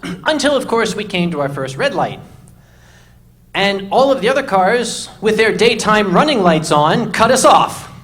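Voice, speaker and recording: A man telling a comic story to a live audience in an animated, exasperated and emphatic way. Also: a little high.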